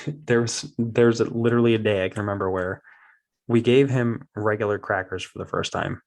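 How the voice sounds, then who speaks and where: A man in his thirties hosts a casual podcast, telling parenting stories in a lowish, creaky voice at a moderate pace. He's an animated storyteller who acts out his toddler's voice.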